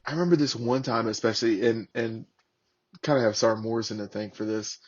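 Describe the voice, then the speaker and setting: A man in his thirties, a former Marine guest on a podcast, telling war stories in a casual, profane, animated way and acting out the voices of the people in them. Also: mid-range voice, quick pace, dull audio. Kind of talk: casual storytelling.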